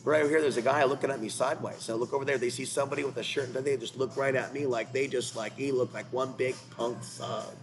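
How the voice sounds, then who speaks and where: A man's voice: medium pitch, fairly even intonation, fast talker, few pauses, music in the background, poor audio. A man hosting his own channel, ranting in an agitated, repetitive, confrontational way, apparently while in a car. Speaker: channel host. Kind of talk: rambling commentary rant.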